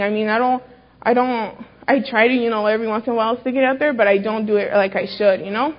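A young woman giving an informal, earnest youth talk at church, telling a parable in casual, rambling speech. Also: fairly high pitch. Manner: chatty and earnest, many "like"s and restarts. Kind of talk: informal youth sermon with storytelling. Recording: dull lo-fi recording.

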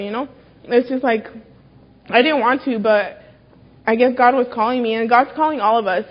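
A young woman gives an earnest, informal youth sermon in a slightly high voice. She talks casually, with frequent fillers and restarts. The recording sounds dull and lo-fi. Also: fast talker. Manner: chatty and earnest, many "like"s and restarts. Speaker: youth speaker at church.

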